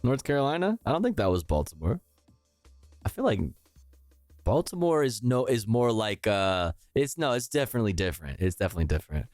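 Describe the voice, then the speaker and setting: A male streamer reacts live with crude, joking commentary. His pitch swings widely as he talks. The sound is dry and close, with light music playing behind him. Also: sing-song, a little fast, darkish tone, no room sound.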